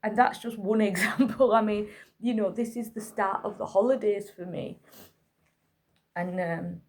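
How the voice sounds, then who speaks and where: Woman, single mum vlogging, exhausted, candid, emotional, mid-pitched voice. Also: steady tone, measured pace, a little mellow. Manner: candid, weary, tearful retelling. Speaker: single mother of an autistic child. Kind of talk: emotional personal vlog, talking to camera.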